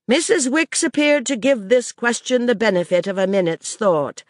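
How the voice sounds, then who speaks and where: A woman narrating a classic novel as an audiobook in a measured reading style, dropping her voice low and soft on the speech tags. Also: dry recording, studio quality. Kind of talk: scripted literary narration.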